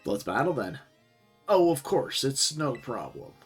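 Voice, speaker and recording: A man voicing a tired office-worker character, reading game dialogue in a flat, dry, low-key way. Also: a little slow, breathy edge, faint music behind, heavily acted. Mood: weary.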